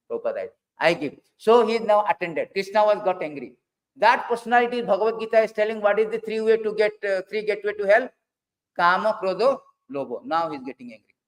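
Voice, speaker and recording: A man preaching a scripture class, animated, swinging from loud bursts to low asides and acting out quoted dialogue. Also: poor audio. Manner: quotes figures in dialogue, halting restarts.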